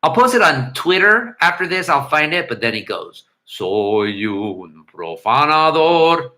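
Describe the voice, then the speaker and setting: Bright-voiced man rambling on a livestream. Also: on the high side, sing-song, normal speed. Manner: rambling, hums and scats melodies. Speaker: livestream host. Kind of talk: casual livestream chat reading comments. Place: home room.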